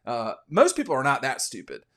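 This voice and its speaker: A man's voice: medium pitch, wildly swooping pitch, a little fast, fairly bright tone. A man hosting a casual college football podcast, giving rambling, opinionated betting commentary with frequent restarts. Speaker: sports podcast host.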